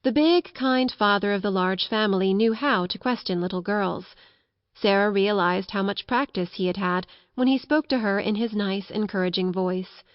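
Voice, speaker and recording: Audiobook narrator, female, mid pitch, soft storytelling, dull dry recording. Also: normal speed, no echo. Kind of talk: scripted narration of a children's classic.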